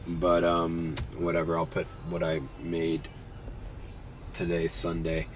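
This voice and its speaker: A man's voice: low voice, completely flat delivery, takes it slowly, soft background music. A young man, congested and sniffly, chatting casually and swearing a lot while driving at night for a rideshare vlog. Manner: laid-back, swears often, says bro. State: congested, runny nose. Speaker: rideshare driver vlogger. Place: inside a car at night. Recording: faint road and car noise.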